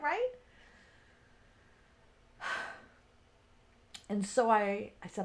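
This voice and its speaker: A woman's voice: a little high, takes it slowly, pauses often, a little mellow. Woman, casual storyteller, conversational, keeps checking in with listeners. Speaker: speaker on self-care.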